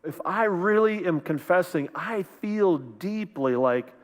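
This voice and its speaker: A male pastor preaching in a casual, conversational way, often breaking off to act out the voices he quotes. His voice sits fairly high for a man. The room gives it a long, ringing reverb, like a church sanctuary. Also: normal speed, hardly any pauses. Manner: conversational, acts out quoted voices, many restarts. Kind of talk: sermon.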